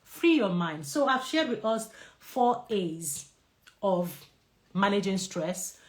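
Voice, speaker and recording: Nigerian-accented woman doctor hosting a live stress talk, animated and chatty, mid-pitched voice, laughs easily between points. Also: slow pace. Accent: Nigerian English. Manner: lively, laughing, answers viewer questions aloud.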